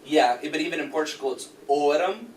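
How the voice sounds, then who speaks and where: A male teacher patiently walks his class through corrections, asking questions and explaining rules. He is heard from across an echoey classroom, with steady background noise. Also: medium pitch, fairly quick. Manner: patient, explains and quizzes students. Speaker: language teacher. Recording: echoey classroom, far mic, noisy.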